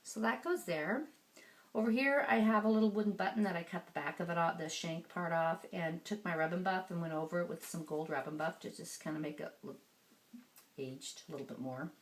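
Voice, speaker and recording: A woman crafter giving a casual show-and-tell of her handmade scrapbook album, chatty and relaxed, with frequent ums as she turns the pages. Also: fairly low pitch, fairly quick.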